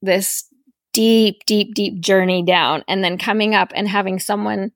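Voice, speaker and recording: A woman's voice: medium pitch, steady tone, a little slow, no echo, studio quality. A woman podcast host, recounting a personal experience in a reflective, storytelling way and voicing her own thoughts as quotes.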